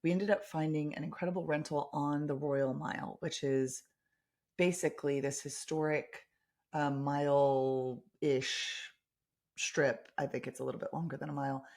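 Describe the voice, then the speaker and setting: A woman's voice: deep voice, a little mellow. An American woman hosting a podcast, chatting about family travel in an enthusiastic storytelling way with frequent ums and restarts. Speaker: podcast host. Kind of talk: casual chat.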